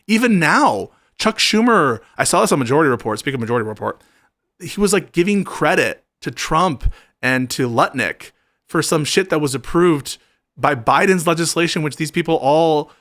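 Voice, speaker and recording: A man's voice: on the high side, animated, moderate pace, a bit bright, no echo, studio quality. A man hosting a casual political talk, earnest and wordy, building to indignation.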